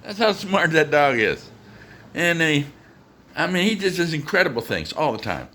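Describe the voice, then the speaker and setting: Animated, bright-voiced man telling stories. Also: a little high, moderate pace. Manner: animated, chuckling, talks to his dog. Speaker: dog owner. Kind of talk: casual storytelling to camera.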